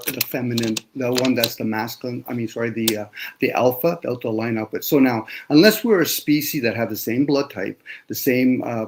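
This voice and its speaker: Profane, lecturing man in a panel talk. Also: medium pitch. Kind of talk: casual panel discussion.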